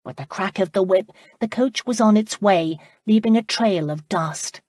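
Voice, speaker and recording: A woman narrating an audiobook in a measured, expressive reading on a close studio mic. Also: mid-range voice, dry recording. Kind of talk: scripted narration.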